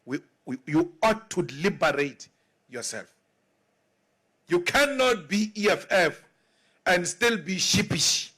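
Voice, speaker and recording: South African political leader, male, high voice, emphatic and repetitive speech delivery. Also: big pitch swings, slow, long pauses, bright, forceful tone. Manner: emphatic and repetitive, with rhetorical questions.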